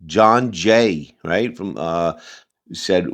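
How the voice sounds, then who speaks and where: A man with a low voice talks through a reaction commentary in a loose, heated ramble. He restarts sentences often and leans on fillers as he argues. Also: lively intonation, moderate pace. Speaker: commentary channel host.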